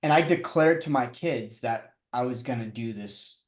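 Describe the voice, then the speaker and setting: A middle-aged man telling his story as a podcast guest, halting and restarting often, with chuckles. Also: mid-range voice, reverberant. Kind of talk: casual storytelling interview.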